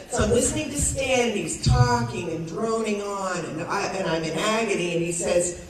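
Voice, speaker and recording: A woman in her sixties telling a lively story on stage and acting out the people in it, laughing often. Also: medium pitch, moderate pace. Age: 60s. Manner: animated storytelling, acts out quoted voices, laughs often. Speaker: network marketing speaker. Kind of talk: motivational talk on stage. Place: large event hall with audience. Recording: echoey hall, distant mic, crowd noise.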